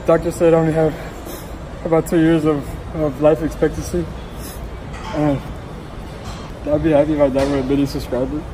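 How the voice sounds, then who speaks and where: A man's voice: on the high side, level tone, moderate pace, pauses often. A young man vlogging casually at the gym, crude and joking in slangy talk. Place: echoey gym. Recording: echoey gym with loud noise.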